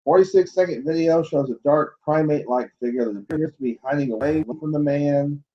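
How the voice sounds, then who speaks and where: Heard through a muffled recording, this man talks a little fast in a voice on the high side. He runs a casual livestream about cryptids, reading odd news aloud and picking it apart with doubt, blunt asides and chuckles.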